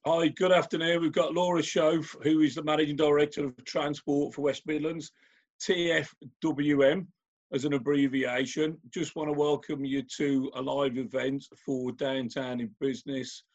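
A man's voice: a little high, level tone, normal speed, few pauses, darkish tone, muffled recording. A man hosting a live online interview, asking chatty, rambling questions. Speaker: host.

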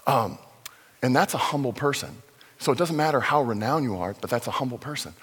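A middle-aged man preaching a sermon as pastor, in a conversational, animated storytelling manner. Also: medium pitch, brisk, slightly rough. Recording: long reverb of a large hall.

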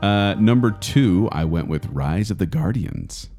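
A man co-hosting a casual movie review chat, animated and chatty, often laughing. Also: on the low side, measured pace, soft background music. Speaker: co-host.

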